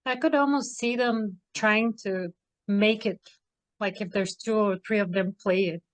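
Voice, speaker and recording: A woman's voice: medium pitch, steady tone, unhurried, no room sound. A woman in an online workshop chatting loosely, full of "like" and "kinda". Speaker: workshop participant. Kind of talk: casual chat.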